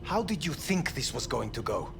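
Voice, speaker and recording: An actor playing a cold, clinical older male scientist in a video game, speaking in a measured, formal and detached way. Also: medium pitch, big pitch swings, creaky, over music. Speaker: game character.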